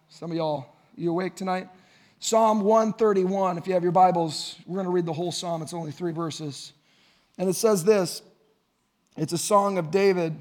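A man's voice: high voice, moderate pace, a little mellow. A man in his thirties preaching a sermon to his congregation in a conversational way, building to emphatic points. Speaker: pastor.

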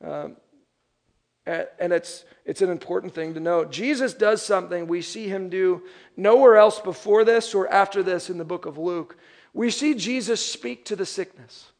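A man's voice: sits high, normal speed. A young adult man, a pastor, preaching a sermon and acting out the voices of people he describes. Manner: animated, acts out quoted voices.

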